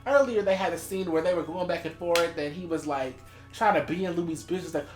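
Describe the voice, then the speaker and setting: A woman with a fairly low voice co-hosting a casual podcast. She retells scenes with animation, acting out the quotes. She sounds roomy and echoey, with faint music behind her. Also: brisk, hardly any pauses. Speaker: podcast co-host.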